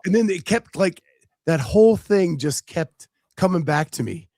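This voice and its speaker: A man co-hosting a podcast in casual chat, with a smooth voice, telling stories and quoting movie lines. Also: high voice, lively intonation, moderate pace, dark tone, dry recording, clean studio sound. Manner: chatty storyteller, quotes movie lines. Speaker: podcast co-host.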